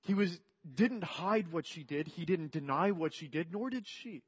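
Man preacher, earnest, fairly high voice, slightly dull recording; soft to emphatic sermon delivery. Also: lively intonation, normal speed, husky. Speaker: pastor.

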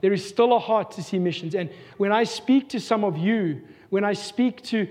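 High-voiced South African pastor preaching. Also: male voice, moderate pace, darkish tone. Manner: earnest, rhetorical questions, repeats himself. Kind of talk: sermon. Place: church hall. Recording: long reverb of a church hall.

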